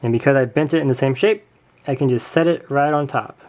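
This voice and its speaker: A man's voice: mid-range voice, brisk, darkish tone. A man hosting a casual hands-on craft tutorial at home, chatting and correcting himself with jokey asides as he works. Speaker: tutorial host.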